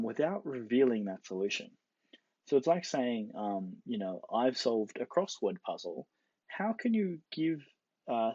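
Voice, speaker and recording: A man's voice: fairly low pitch, darkish tone, husky, no room sound. A man giving a casual explanatory lecture, playfully acting out the quoted characters. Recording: dull lo-fi dry recording.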